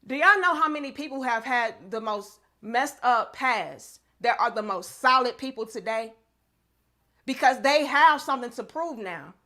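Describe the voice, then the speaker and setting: Young woman co-host, crisp bright tone, hard-hitting profane delivery. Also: a little high, animated, normal speed. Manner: blunt, profane, fired-up. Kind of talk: heated casual chat.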